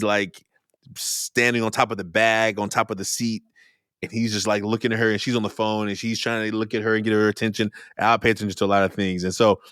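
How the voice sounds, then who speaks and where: A man's voice: on the low side, a bit bright, clear, resonant tone, no room sound, clean studio sound. A man hosting a podcast, telling a story earnestly and repeating phrases for emphasis. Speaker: podcast host. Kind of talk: conversational storytelling.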